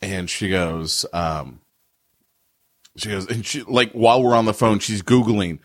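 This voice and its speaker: A man co-hosting a podcast, telling stories in a relaxed, chatty way. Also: fairly low pitch, measured pace, no room sound, studio quality. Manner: relaxed, chatty storyteller who laughs easily. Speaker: podcast co-host. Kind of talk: casual chat.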